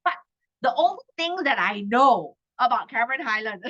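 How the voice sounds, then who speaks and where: Malaysian woman tutor, 30s, chatty class delivery with a bright edge on dull lo-fi audio. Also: on the high side, expressive, moderate pace. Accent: Malaysian English. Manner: chatty, tags lines with "okay?". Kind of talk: exam-prep class.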